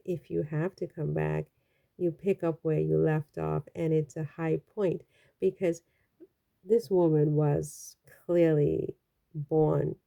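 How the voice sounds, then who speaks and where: A woman's voice: low voice, vocal fry, warm tone. A woman from the Caribbean giving casual, chatty and rambling commentary on a vlog, with frequent exclamations. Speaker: royal news vlogger.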